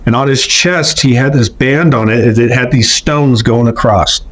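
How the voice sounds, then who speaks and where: A man giving earnest testimony in a slow, reverent, emphatic way. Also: medium pitch, fairly bright tone. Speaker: near-death experience witness.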